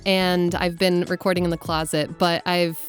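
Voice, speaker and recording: Relaxed, reflective woman voice actor. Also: fairly low pitch, normal speed, soft background music. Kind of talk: vlog talk and voice-over.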